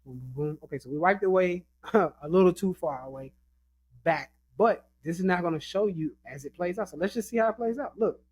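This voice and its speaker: A man's voice: high voice, a little fast, darkish tone, slight background noise, low-quality recording. A man giving a casual screen-share trading lesson as its instructor, chatting and often checking in with his listeners. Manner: chatty, keeps asking "right?".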